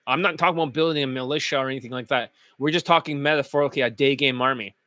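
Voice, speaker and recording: A man with a bright, forceful voice talks in a relaxed, joking way about his own ideas. The sound is dry and close, with no room in it. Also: medium pitch, very fast, no echo. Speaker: dating coach and channel host. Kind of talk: casual monologue.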